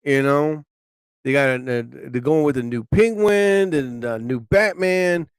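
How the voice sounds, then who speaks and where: A man hosting a casual live stream, rambling excitably and breaking into frustrated, swearing outbursts. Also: mid-range voice, unhurried, smooth, dry recording, clean studio sound. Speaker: live show host.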